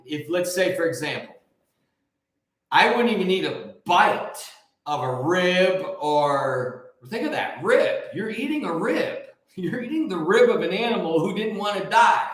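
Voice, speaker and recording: A man hosting a show and preaching casually, joking and rambling with lively energy. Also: on the high side, unhurried. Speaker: host and preacher. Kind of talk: casual live preaching talk. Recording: very echoey room.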